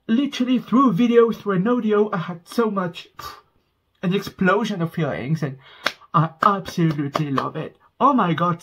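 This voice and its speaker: A man's voice: a little high, fairly bright tone, husky, dull audio. A man hosting a casual music reaction vlog from home, effusive and easily moved, gushing about the song. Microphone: headphones on, speaking to camera.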